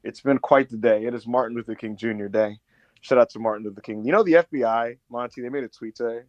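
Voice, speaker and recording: A man hosting a casual podcast chat, swearing freely and breaking into loud mocking impressions. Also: mid-range voice, quick pace, no echo, muffled recording. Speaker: podcast host.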